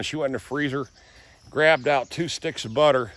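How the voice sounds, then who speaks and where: A man with a slightly high, fairly bright voice strolls his rural garden, speaking at a moderate pace. It's a casual vlog walk-through, and he's a folksy storyteller spinning yarns along the way.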